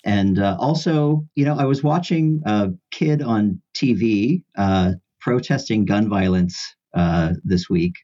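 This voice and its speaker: Husky-voiced pastor chatting easily. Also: male voice, on the low side, takes it slowly, hardly any pauses, mellow, lo-fi sound. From rural New York. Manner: easygoing, hesitant with fillers. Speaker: pastor and podcast guest. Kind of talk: casual podcast chat.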